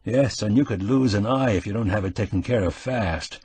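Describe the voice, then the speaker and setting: A man voicing a shrewd, avuncular middle-aged man who speaks steady and probing, in an audiobook. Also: lowish voice, normal speed, slightly rough. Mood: stern concern.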